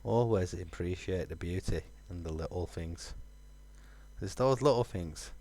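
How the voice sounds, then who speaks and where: A man's voice: deep voice, unhurried, darkish tone. A man, musing aloud with fillers while streaming a game. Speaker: gaming streamer. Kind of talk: casual let's-play commentary.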